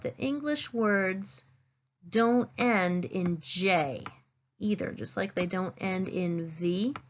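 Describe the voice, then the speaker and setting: A woman teacher giving a phonics lesson, saying each word slowly and clearly and stressing it. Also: medium pitch, dull audio. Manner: slow, clear teacherly dictation, stressing words.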